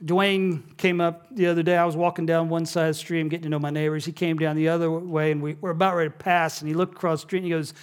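A man in middle age delivers a sermon as a pastor, his voice sitting a little high for a man. He moves between easy, chatty storytelling and quiet, lowered emphasis on key words. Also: level tone, fast talker, hardly any pauses, clear, resonant tone. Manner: storytelling, conversational, drops soft and low on key words.

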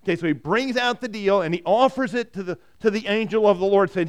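Male pastor, high clear voice, animated storytelling sermon. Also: quick pace. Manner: animated storytelling, repeats words when starting.

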